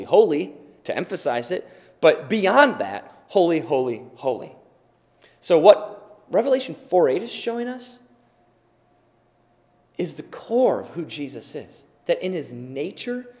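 Male preacher, emphatic sermon delivery, higher-pitched voice, long reverb from a hall. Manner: emphatic, repeats words for stress, swings between loud and soft.

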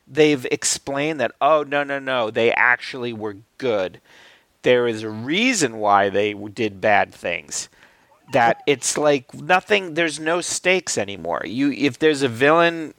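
Gravelly man rambling about films. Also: medium pitch, fairly bright tone, dry recording. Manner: rambling, many fillers and restarts, swears casually. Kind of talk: casual film discussion.

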